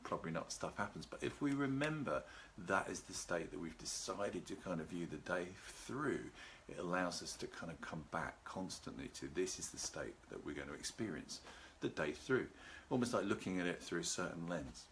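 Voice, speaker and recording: Male host for a relaxation talk, low and calm, leisurely delivery. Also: slight background noise. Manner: calm, unhurried, greets live viewers by name. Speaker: seminar host. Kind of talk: live video talk on relaxation. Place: at home with a garden behind.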